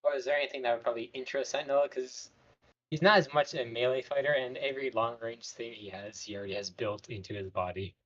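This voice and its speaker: A male tabletop player thinks aloud about his character's gear. He is hesitant and checks things as he goes. His mid-pitched voice comes through a somewhat muffled mic. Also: fairly even intonation, fast talker, fairly bright tone. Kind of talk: tabletop game chat.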